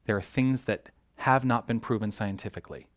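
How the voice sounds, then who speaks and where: Animated male minister giving a sermon. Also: lowish voice, fairly quick. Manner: animated, self-interrupting, jokes with the congregation. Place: church hall.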